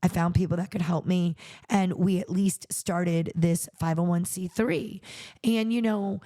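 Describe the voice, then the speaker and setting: A middle-aged woman, a charity founder, telling her personal story on a podcast in an earnest, animated way, acting out what people said. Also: lowish voice, a little slow. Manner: earnest, animated retelling with acted-out quotes.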